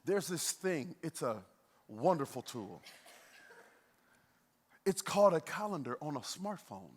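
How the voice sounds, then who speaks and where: A man preaches a sermon with a fairly high voice, loose and conversational, joking with his congregation between points. His voice rings out with a long reverb in a large church auditorium. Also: measured pace. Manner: lively, conversational preaching with playful asides to the crowd. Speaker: pastor.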